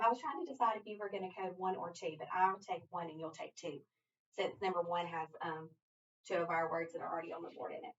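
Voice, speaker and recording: A woman's voice: fairly low pitch, steady tone, fast talker. A woman reading teacher walking a student through a phonics lesson step by step, with an encouraging manner. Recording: distant dull lo-fi recording.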